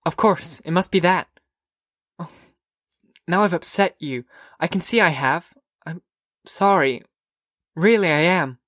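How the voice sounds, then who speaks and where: A man voicing a curious, whimsical teenage girl in an audiobook, with lilting, eager questions that come in quick bursts. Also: on the high side, a bit bright, no echo, studio quality, voice pushed up. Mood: wondering. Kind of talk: audiobook character voice.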